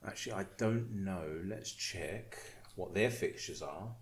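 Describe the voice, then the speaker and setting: Chatty lower-voiced man hosting. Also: measured pace. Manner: joking, swears, stumbles and repeats words. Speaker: podcast host. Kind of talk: casual chat.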